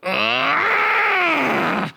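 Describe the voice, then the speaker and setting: A man's voice: sing-song, very slow, vocal fry, noisy background, heavily acted. A man voicing a pompous, unhinged narrator who scolds and screams in petty rage. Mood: raging. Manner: shrill shouting, pompous scolding.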